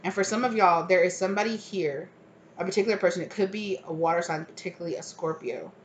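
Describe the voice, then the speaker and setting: A woman's voice: fairly low pitch, fast talker, a little hiss or hum. A woman giving a casual tarot reading, naming cards and thinking aloud with many fillers. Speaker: tarot reader.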